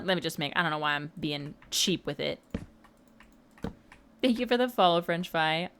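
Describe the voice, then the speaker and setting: A woman's voice: low-pitched, expressive, moderate pace, pauses often, fairly bright tone, a little hiss or hum. Chatty playful young woman streamer. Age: mid-twenties. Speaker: livestreamer. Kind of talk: casual chat while gaming.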